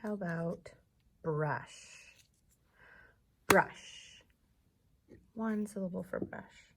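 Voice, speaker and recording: A woman teacher talks young children through a recorded lesson in a slow, unhurried way, her fairly low voice edged with gravel. She repeats each word with patient encouragement, and a faint hiss sits under the recording. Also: expressive.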